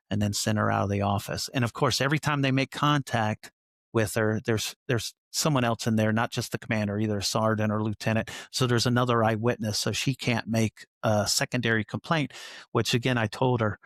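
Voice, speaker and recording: A man's voice: medium pitch, moderate pace, dry recording. An older man recounts events as a podcast guest, slipping into the voices of the people in his story. His voice sits in an ordinary middle register. The sound is dry and close, with no room to speak of. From Colorado, USA. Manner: animated retelling, acts out others' lines. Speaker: retired sheriff's sergeant, guest. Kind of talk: candid storytelling conversation.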